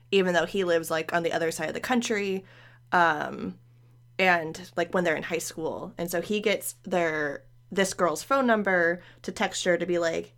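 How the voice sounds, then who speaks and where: A woman's voice: lowish voice, gravelly. A woman hosting a podcast, chatting casually and animatedly about books. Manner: animated, laughs often. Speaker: podcast host.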